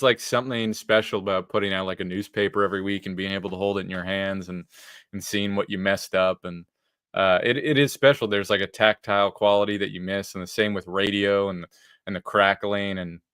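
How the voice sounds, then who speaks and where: A man's voice: on the low side, fairly even intonation, brisk, fairly bright tone, clean tone, no room sound, clean studio sound. A man co-hosting a sports podcast, talking casually and reflectively. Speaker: podcast co-host.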